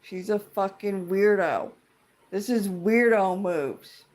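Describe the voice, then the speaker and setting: A woman's voice: mid-range voice, takes it slowly, a little mellow. A woman ranting in a casual vlog, profane, rambling and indignant as she vents like a fed-up tenant. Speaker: tenant venting about a dispute.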